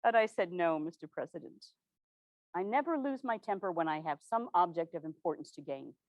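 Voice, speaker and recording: A woman playing an earnest 1860s governor's widow, recounting events in a formal, measured period manner. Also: fairly low pitch, lively intonation, dry recording. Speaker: living historian. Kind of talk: first-person historical portrayal.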